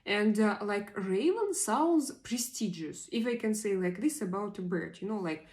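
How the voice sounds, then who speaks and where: Slow, halting woman. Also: mid-range voice, lively intonation, darkish tone. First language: Russian. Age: 40s. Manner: halting, searching for words with many pauses. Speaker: livestream host. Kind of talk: casual live chat reading viewer comments.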